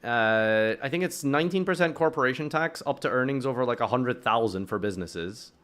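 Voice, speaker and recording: A man's voice: mid-range voice, brisk, fairly bright tone. A young British man streaming, chatting casually with a sarcastic, swearing manner. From United Kingdom. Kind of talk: casual chat with chat while playing.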